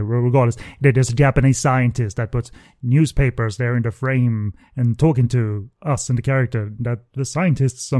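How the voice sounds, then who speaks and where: A man with a mellow, warm tone talks through a film review, pausing and restarting his thoughts often. The recording is close and dry, with no room sound. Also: mid-range voice, no room sound. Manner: hesitant, many fillers and restarts. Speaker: podcast host. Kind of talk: casual film review chat.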